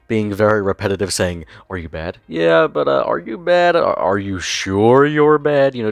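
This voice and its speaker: A man's voice: low voice, dry recording. A young man narrating online commentary, incredulous and sarcastic, swearing freely as he reacts.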